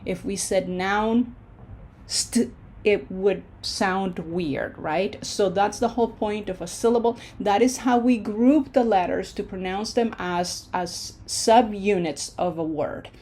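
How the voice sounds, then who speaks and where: A woman teaching an online pronunciation lesson, patient and reassuring, slowing down to sound out words syllable by syllable. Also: medium pitch, mellow. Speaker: language teacher.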